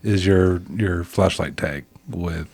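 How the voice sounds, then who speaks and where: Man, podcast co-host, low voice, jokey banter. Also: slow, a little mellow. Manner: joking, prompting the storyteller.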